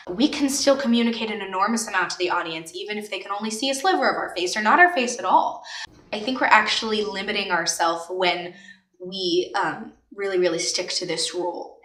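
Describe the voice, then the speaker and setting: A woman's voice: medium pitch, a bit bright, recorded from a distance. A woman giving a casual, emphatic acting lesson to camera. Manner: emphatic, demonstrative. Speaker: acting teacher. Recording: echoey room, mic set back.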